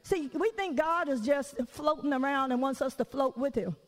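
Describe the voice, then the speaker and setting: High-voiced woman preaching with laughter. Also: moderate pace, big-room sound, poor audio. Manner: lively, candid, laughing, with rhetorical questions. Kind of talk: conversational sermon.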